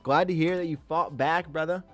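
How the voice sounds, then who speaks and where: A hyped-up male day-trading streamer reads viewer comments in casual live-stream chat, faint music in the background. His voice is fairly high and a bit bright, his intonation fairly even and his pace brisk as he calls viewers "King" in upbeat slang.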